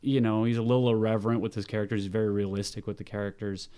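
A man talking as an actor guest, relaxed and enthusiastic, rambling a little. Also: fairly low pitch, very fast, smooth. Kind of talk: casual chat.

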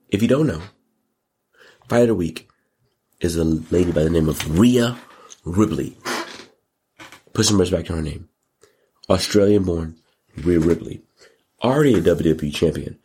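Deep husky man hyping a movie. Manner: animated, slangy, repeats words for emphasis. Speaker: show host. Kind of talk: casual movie review monologue.

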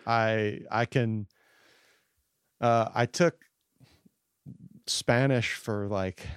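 A man hosting a podcast, talking in a loose, profane way that often trails off into quieter asides. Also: lowish voice, fairly even intonation, very slow, clear, resonant tone, no room sound, studio quality. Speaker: podcast host. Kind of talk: casual podcast chat.

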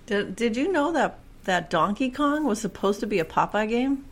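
A woman's voice: fairly high pitch, lively intonation, normal speed, a little hiss or hum. A woman co-hosting a podcast in casual chat, blunt, profane and enthusiastic. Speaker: podcast co-host.

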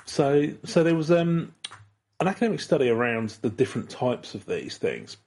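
A man's voice: mid-range voice, sing-song, moderate pace, a little mellow. A British man co-hosting a casual podcast chat, rambling and chuckling as he tells ghost stories. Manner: rambling, many restarts and chuckles. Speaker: podcast co-host.

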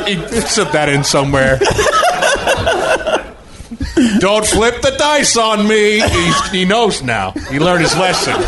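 A man's voice: sits high, heavily acted. A man doing a giggling comedy impression of an older filmmaker, rambling and breaking character on a noisy podcast. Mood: giggly rambling.

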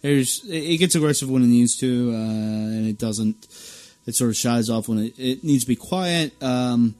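A man of middle pitch hosting a casual music podcast with friends. He rambles through his thoughts, stops and restarts, and circles back to his point. His voice sits mid-range and sounds plain and unhurried. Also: darkish tone. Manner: rambling, restarts and repeats words often. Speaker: podcast host reviewing albums. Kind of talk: casual chat.

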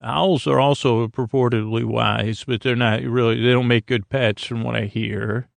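A man with a gravelly, creaky voice rambles through a goofy bedtime monologue, drifting from thought to thought. He stumbles over restarts and leans on fillers, and the recording is dry and close. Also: medium pitch, steady tone, normal speed, dry recording. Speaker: sleep podcast host.

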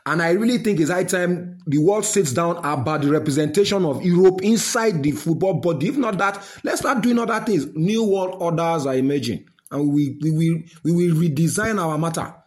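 Indignant high-voiced Nigerian man. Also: animated, normal speed, a little mellow. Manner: indignant, repeated rhetorical questions. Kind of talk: opinion rant.

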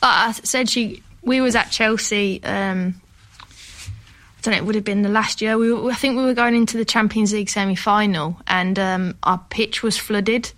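A woman's voice: medium pitch, fairly even intonation, moderate pace, fairly bright tone. A woman from England, a football pundit and podcast guest, telling stories in loose conversational chat. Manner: conversational storyteller, plenty of "like" fillers.

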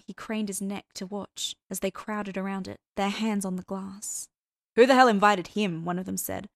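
A woman narrating fan fiction as an audiobook reader in a measured storytelling way. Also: mid-range voice, no room sound, studio quality.

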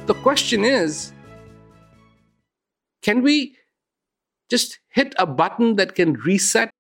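Man, middle-aged, inspirational talk, storytelling, calm, sudden pitch lifts. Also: slow, creaky, faint music behind. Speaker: host, speaker.

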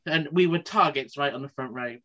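A woman in casual chat, an animated storyteller who swears freely and laughs often. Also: low voice, brisk, lo-fi sound, slight background noise.

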